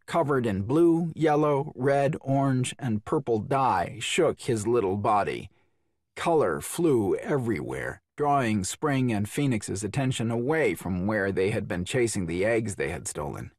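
A man narrates a children's storybook with a low, husky voice. His pitch rises and falls in a lively way as he acts out the scenes. The sound is dry and close. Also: unhurried, dry recording. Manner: expressive, voices each character. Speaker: audiobook narrator.

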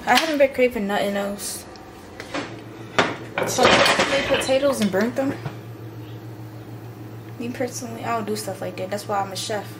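A woman's voice: on the high side, moderate pace, long pauses, very noisy. A young woman chatting casually in a vlog about her day and her small business, slangy and cursing freely. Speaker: vlogger and small business owner.

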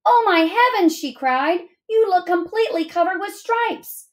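A woman's voice: on the high side, sing-song, a little slow. A woman voicing a worried, bossy mother in a storybook read-aloud, exclaiming and giving orders. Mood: alarmed. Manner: exclaiming, commanding.

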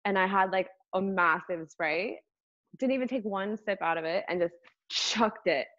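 Young woman guest, casual animated storyteller; dry, slightly lo-fi recording. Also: medium pitch, normal speed, no echo. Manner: animated, lots of fillers, acts out voices in anecdotes. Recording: dull, slightly lo-fi dry sound.

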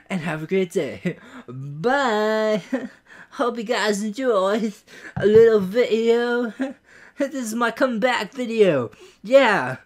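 An excitable gaming YouTuber narrates their own play, with a voice that leaps up and down through every reaction. They swear freely, joke at their own expense and take their time getting the words out. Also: medium pitch, slow pace. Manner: excitable, swears a lot, goofy self-mocking. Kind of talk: let's play commentary.

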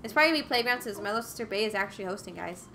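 A woman's voice: medium pitch, lively intonation, very fast, very noisy. A woman hosting a casual gaming livestream, chatty and upbeat, greeting viewers by name. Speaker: livestream host. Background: game music.

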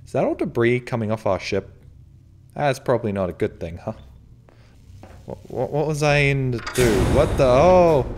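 A man hosting a let's play narrates a horror game with profane humor, yelping when it startles him. His mid-range voice is expressive and a little mellow, at normal speed with frequent pauses and slight background noise.

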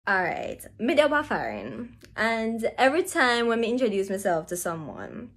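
Sassy high-voiced Jamaican woman. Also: sing-song, moderate pace, a bit bright, husky. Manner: exasperated, sassy. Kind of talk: comic vlog rant.

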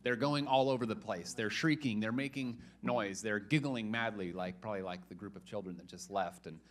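A man's voice: fairly low pitch, a little fast. A young adult man, a pastor, giving a casual, joking sermon in a church and telling a story with lots of restarts.

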